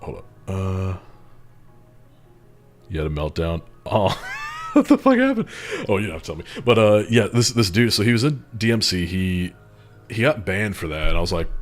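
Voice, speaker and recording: A man streaming live and chatting casually with viewers, telling a rambling, profane story with mocking laughs. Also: low-pitched. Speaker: streamer moderating a Discord community. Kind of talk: casual livestream chat.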